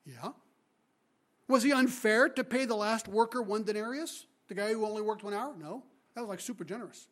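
A guest speaker delivers an expository sermon, retelling the story with lively energy and putting rhetorical questions to the congregation. His voice is high-pitched and his pace a little fast.

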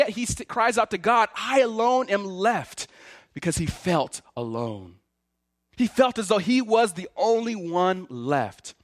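Dry and studio-clean, the clip captures a male pastor with a high voice preaching with animation. He lends feeling to the words spoken by Elijah and by God.

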